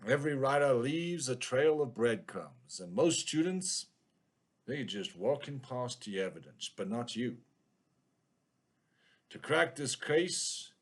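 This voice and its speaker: A man's voice: lowish voice, pitched below the performer's own voice. A man reading a noir story aloud in the voice of a hard-boiled male detective, with clipped, brooding narration.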